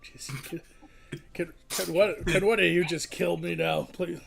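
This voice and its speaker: A man voicing a vain, foul-mouthed undead lord who hosts a comedy stream, with a raspy, gravelly voice and a boastful, swearing manner. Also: a little high, fairly even intonation, unhurried, noisy background. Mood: pleading. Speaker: host.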